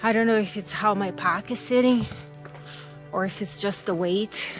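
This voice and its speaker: A woman's voice: medium pitch, normal speed, soft background music, low-quality recording. A woman vlogging while hiking outdoors on a mountain trail, out of breath, chatty and exclaiming. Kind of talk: casual trail vlog.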